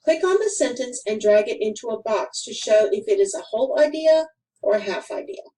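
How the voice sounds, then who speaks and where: A woman reading a grammar lesson for children aloud, in a careful, deliberate way with clear pauses. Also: on the high side, animated, mellow, recorded from a distance, low-quality recording. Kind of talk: slow scripted instructional narration.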